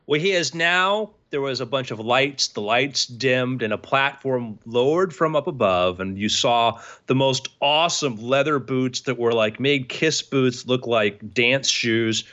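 A man's voice: medium pitch, a little slow, few pauses, lo-fi sound. Man narrating as game master. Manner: animated scene-setting with voices.

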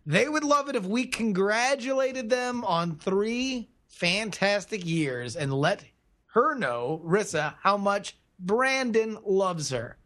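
A man co-hosting a podcast, playful in casual chat and reading a listener shout-out. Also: sits high, animated, slow pace. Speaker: podcast co-host.

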